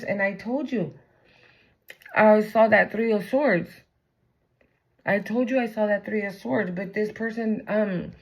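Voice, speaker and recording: A woman's voice: mid-range voice, creaky, low-quality recording. A woman giving a casual tarot reading, blunt and profane, full of slang. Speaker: tarot reader.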